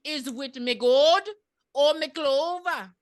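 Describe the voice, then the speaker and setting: A woman voicing a brash, streetwise female psychic in a movie recap, loud and profane. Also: high voice, slow, no room sound, studio quality, voice pushed up.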